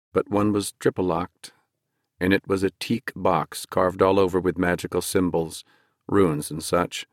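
Deep-voiced male audiobook narrator. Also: dry recording, clean studio sound. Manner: measured, dramatic storytelling, slowing for emphasis. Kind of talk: scripted fantasy narration.

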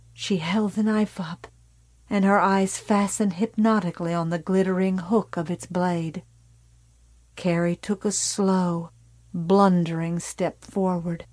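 Woman reading a dark audiobook, slow and measured, dry close sound. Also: medium pitch, steady tone, no echo. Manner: measured, dark storytelling, drops to a hush. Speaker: audiobook narrator. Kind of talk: dramatic audiobook narration.

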